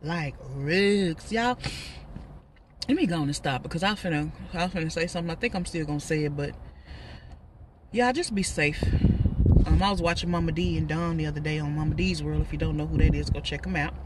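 A woman's voice: sits low, brisk, far from the mic, background noise. A woman in her thirties with a Texas accent, chatting casually and laughing while she eats in her parked car. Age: 30s. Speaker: vlogger. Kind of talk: casual car mukbang chat.

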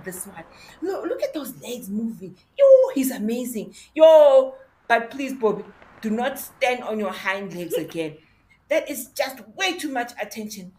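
Nervous dog sidekick, voiced by a woman, stammering, fairly high. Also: warm tone, rough recording. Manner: hesitant, stumbling. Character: worried, caring dog friend.

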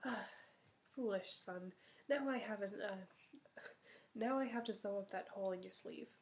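A woman's voice: medium pitch, normal speed, close to an everyday voice. Exasperated storybook mother, scolding and fussing, done by a woman narrator.

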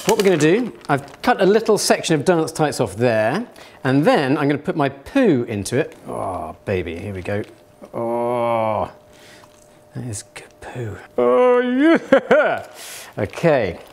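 A man's voice: fairly high pitch, a little mellow. A man presenting a playful science demonstration, jokey and theatrical, gleefully narrating what he does.

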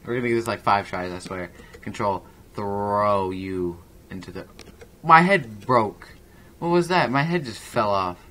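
Excitable man narrating his gameplay. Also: lowish voice, unhurried, slight background noise. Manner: excitable, rambling reactions. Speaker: gaming channel host. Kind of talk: let's play commentary. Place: at a home computer.

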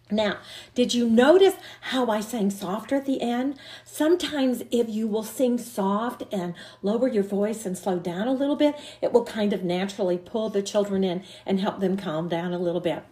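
A woman's voice: mid-range voice, moderate pace, mellow, slight background noise. An older woman, an early childhood educator, giving an encouraging teacher training talk and breaking into short demonstration songs.

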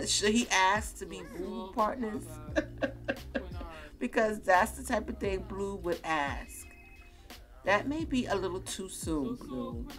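A woman's voice: medium pitch, expressive, takes it slowly, pauses often, fairly bright tone, soft background music. A woman giving casual, chatty let's-play commentary, laughing often and talking to her characters. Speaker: gaming YouTuber.

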